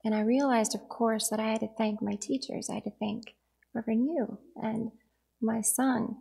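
A woman's voice: fairly high pitch, fairly even intonation, moderate pace, creaky, warm tone, slightly rough. A woman in her forties giving a reflective dharma talk, telling a personal story in an earnest, storytelling manner.

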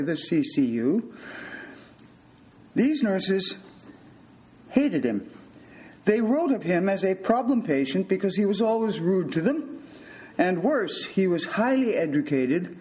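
An older male physician giving a storytelling talk in a measured, wry manner. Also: on the high side, a little mellow, rough recording.

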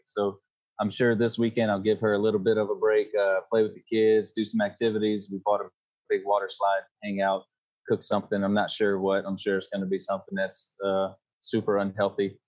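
A man's voice: lowish voice, darkish tone, highs cut off. A man in his thirties from Louisiana with a Cajun accent, chatting easily as a podcast guest. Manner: easygoing, laid-back storyteller. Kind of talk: casual chat.

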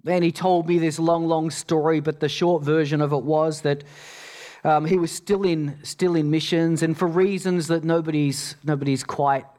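A man preaching a sermon as pastor, telling stories with many repeated words, dropping soft and low for quoted lines. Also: steady tone, moderate pace.

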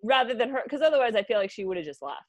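A woman's voice: a little high, very animated, racing, no room sound, dull audio. A woman co-hosting a comedy advice podcast, laughing often and giving blunt advice. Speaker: co-host.

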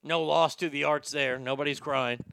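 A man's voice: on the high side, steady tone, normal speed, gravelly, fairly bright tone, slight background noise. A man hosting a talk show, ranting sarcastically with plenty of profanity. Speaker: podcast host. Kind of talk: opinionated talk show rant.

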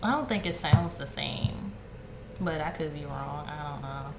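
A woman's voice: sits low, a little slow, echoey room, noisy background. A woman co-hosting a casual podcast, brash and profane, often laughing as she talks. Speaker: podcast co-host.

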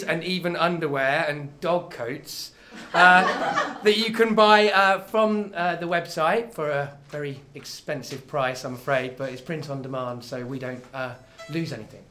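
A man's voice: fairly high pitch, pushed and bright, slight background noise. A man hosting a comedy night, reading closing announcements with hesitant fillers. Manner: hurried plugs with filler ums.

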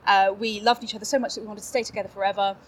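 A woman's voice: medium pitch, level tone, very fast, a bit bright, slight background noise. A woman guest on a podcast, chatting casually and laughing often as she pokes fun at herself. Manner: bubbly, laughs often, self-mocking. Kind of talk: casual interview chat.

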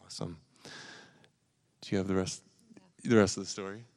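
A man's voice: low voice, flat delivery, moderate pace, a little mellow. A man leading a live church service, encouraging and upbeat, talking with plenty of fillers. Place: church sanctuary.

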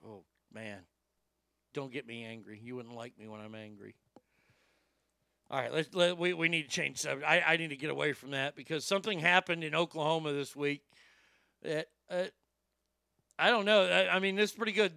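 A man's voice: fairly high pitch, fairly quick, creaky, sharp tone, dry recording, clean studio sound. A man hosting a commentary show, delivering a brash, swaggering, profane comedic rant. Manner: brash, swaggering, heavy swearing.

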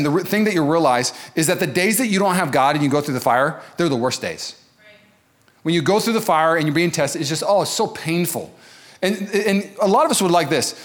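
A male pastor preaching a sermon to a church congregation, animated and acting out the voices of the people he quotes. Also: fairly high pitch. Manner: animated, acts out quoted voices, quick asides. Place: church service.

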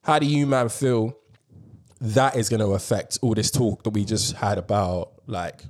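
A man hosting a casual podcast chat, animated and slangy, swearing freely. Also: lowish voice, normal speed. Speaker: podcast host.

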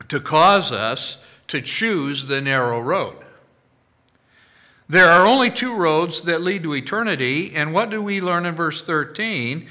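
A man preaching a sermon, slow and deliberate, with sudden loud emphatic bursts. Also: sits high.

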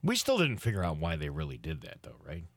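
Lively male talk show host. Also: extremely low pitch, fast, no echo. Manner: reads news items then comments. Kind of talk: casual chat, reading local news.

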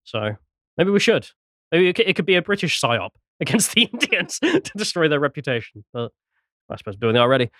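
Lively, laughing male podcast host. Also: on the high side, fairly quick, no room sound, studio quality. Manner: laughs often, reads posts aloud. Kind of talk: casual podcast chat.

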